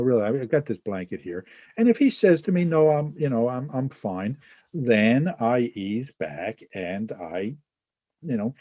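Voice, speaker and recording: A man with a fairly low voice teaching a webinar over a video call, acting out short scenes to make his point. He keeps checking in with "right?" and "okay?", and the sound is dry and close with no room around it. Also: mellow, no room sound, muffled recording. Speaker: webinar presenter. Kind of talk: teaching talk with examples.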